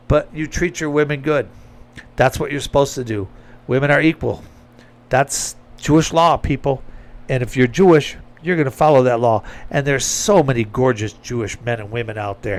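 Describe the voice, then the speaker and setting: A man giving a blunt, emphatic opinion monologue with sarcastic asides, talking straight to his audience. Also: medium pitch. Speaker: commentator.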